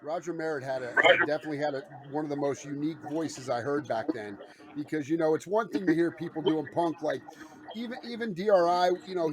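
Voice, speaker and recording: A man's voice: on the high side, noisy background. A man co-hosting a casual podcast, talking in a laid-back, rambling way. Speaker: podcast co-host.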